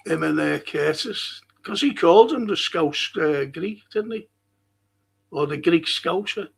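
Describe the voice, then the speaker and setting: Male fan stream host, husky and slow, sweary rambling rants. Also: fairly high pitch, animated. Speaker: football fan show host. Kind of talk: ranting live-stream monologue.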